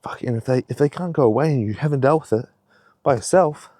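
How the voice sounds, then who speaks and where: Racing along in a warm, medium-pitched voice, a young fitness vlogger gives a rambling, heavily profane pep talk, slightly out of breath. The casual vlog has clean studio sound and no room sound.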